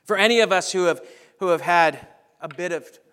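A man delivers a sermon in a high, bright-toned voice. He preaches with lively energy, then drops to hushed, soft lines to make a point. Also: normal speed, clear, resonant tone. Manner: animated preaching, dropping to soft near-whispers on key lines. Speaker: pastor.

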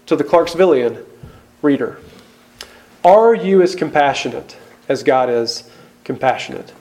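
A man's voice: fairly high pitch, darkish tone. A man, a pastor, preaching an earnest sermon full of questions and emphatic rises.

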